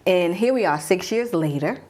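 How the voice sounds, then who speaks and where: Husky woman telling a personal story. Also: fairly low pitch, expressive, moderate pace. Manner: guided-imagery storytelling, hushed at tense moments. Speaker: mom coach.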